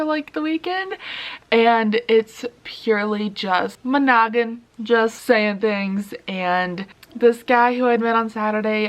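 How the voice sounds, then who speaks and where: A young woman talking candidly to the camera in a confessional vlog, laughing between sentences. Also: a little high. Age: young adult. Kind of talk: casual confessional vlog chat.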